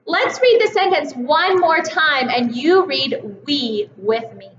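A woman teaching kindergartners a reading lesson, speaking in a slow, encouraging teacher voice and stretching out the sounds of words. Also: high-pitched, lively intonation. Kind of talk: slow, clear reading lesson for young children. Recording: slightly dull, roomy home recording with faint noise.

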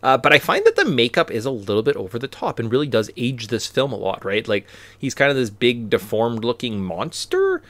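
A man's voice: medium pitch, big pitch swings, brisk, a bit bright, no echo. A man hosting a podcast, chatting casually and rambling, often tagging his points with "right?". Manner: rambling, tag questions. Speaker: podcast host. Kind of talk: casual chat. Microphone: podcast mic.

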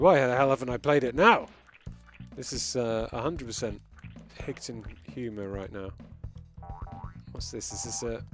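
Man, game streamer, live commentary, chatty, amused, faint music behind. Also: mid-range voice. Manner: chatty, amused, reacting as he plays.

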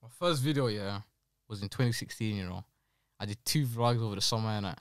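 A man's voice: on the low side, fast, clear, resonant tone, no echo, clean studio sound. A young man from Birmingham with a Birmingham accent, a guest talking in a casual, slangy podcast chat and insisting on his points. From Birmingham, England. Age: young adult. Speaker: YouTuber guest.

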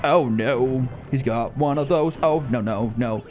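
A man giving live commentary over his own mobile game matches, casual and excitable, often breaking into loud disbelieving shouts. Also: mid-range voice, measured pace, soft background music. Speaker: gaming channel host.

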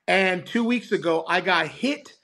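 High-voiced pastor telling a lively story. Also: male voice, unhurried. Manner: animated, acts out quoted voices. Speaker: pastor, podcast guest. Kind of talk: storytelling testimony.

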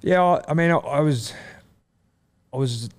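A man's voice: fairly high pitch, unhurried. An Australian man in his thirties, a rugby league player chatting as a guest, rambling with many fillers and restarts. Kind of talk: casual chat.

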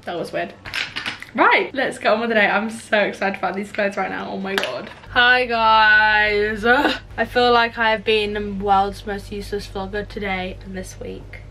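A woman's voice: medium pitch, normal speed, a bit bright, slight background noise. A young woman vlogging about her day at home, rambling and poking fun at herself. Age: young adult. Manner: rambling, self-mocking and chatty. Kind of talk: casual vlog chatter. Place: home, indoors.

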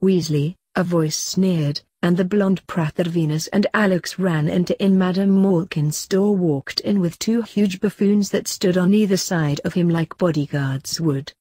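A woman reads fanfiction aloud in a steady, even way, her voice low and dark with a husky edge. The sound is dry and close, with no room echo. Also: unhurried, few pauses. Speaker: fanfiction reader.

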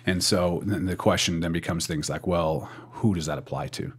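A young man with a low, slightly husky voice hosts a casual podcast. He rambles, repeats words while he gathers his thoughts, and keeps an easy, chatty flow. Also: fairly even intonation, moderate pace. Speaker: podcast host.

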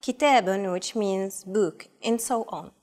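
A woman co-hosts a language lesson and says each example word slowly and deliberately so learners can copy it. Her pitch sits in an ordinary middle range. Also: darkish tone. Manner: deliberate, clearly enunciated example words. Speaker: co-host and pronunciation model. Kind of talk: slow model pronunciation for repetition.

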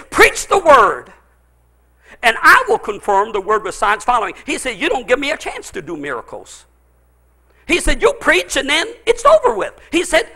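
A middle-aged man preaching a sermon in a high, strikingly bright voice. He tells his stories with a lot of up and down in his pitch, shouting out the big moments and sinking low and intense in between. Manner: storytelling preacher, swings from loud exclaiming to low intensity. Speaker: pastor.

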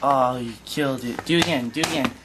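A man's voice: medium pitch, quick pace. Slangy young guy, heavy noise. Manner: bossy, slangy, urging others on. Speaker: friend in a home video. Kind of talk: rowdy casual banter. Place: indoor room. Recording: very noisy home camcorder audio.

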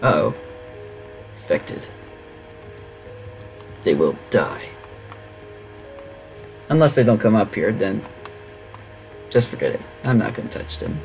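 Game commentary host, middling pitch, lively and theatrical, talks back to the game. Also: slow pace, pauses often, soft background music. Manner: dramatic, over-the-top reactions to the game. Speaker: gaming channel host. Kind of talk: gameplay commentary.

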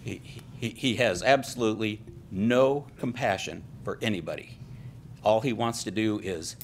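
A man's voice: lowish voice, normal speed, a little hiss or hum. Older man, aggrieved public commenter. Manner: aggrieved, grows agitated and emotional. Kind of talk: public comment at a council meeting.

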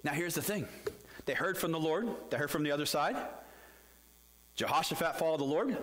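A man's voice: fairly high pitch, animated, brisk, pauses often, a bit bright. A man preaching a sermon as pastor, telling a story with animation and putting questions to the congregation.

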